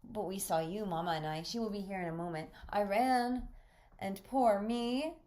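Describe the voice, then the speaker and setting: A woman's voice: medium pitch, normal speed, warm tone, lightly acted. A woman voicing an eager, chattering eight-year-old boy with a slight foreign accent in a play reading. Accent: slight foreign trace. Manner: breathless, chattering.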